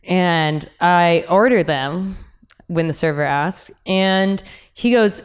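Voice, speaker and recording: A young woman hosting a podcast, telling stories in a candid, animated way with laughs and asides. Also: on the low side, slow, clear, resonant tone. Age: young adult. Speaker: podcast host. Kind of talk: casual podcast chat.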